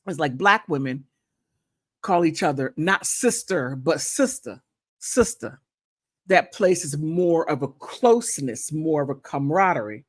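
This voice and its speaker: Animated, playful woman livestreamer. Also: sits low, moderate pace, no room sound, clean studio sound. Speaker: content creator hosting a livestream. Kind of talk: casual livestream chat reacting to gossip and viewer comments.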